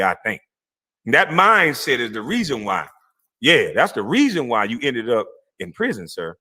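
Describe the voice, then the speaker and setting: A man's voice: mid-range voice, bright, forceful tone, husky. A man ranting on a livestream, profane, mocking and confrontational, laughing scornfully between lines. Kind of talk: heated livestream rant.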